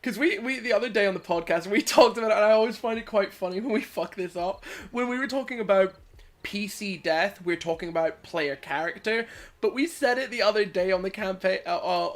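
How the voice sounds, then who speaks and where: A man's voice: high voice, a little fast, fairly bright tone. A man co-hosting a podcast, telling a tabletop game story in casual chat with a rambling, self-mocking delivery. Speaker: podcast co-host. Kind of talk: casual chat while gaming.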